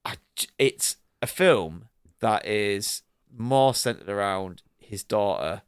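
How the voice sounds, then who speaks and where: A man co-hosting a podcast, chatting casually about a film, animated and swearing freely, often mimicking characters. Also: on the low side, takes it slowly, smooth, no room sound, studio quality. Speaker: podcast co-host. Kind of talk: casual film review chat.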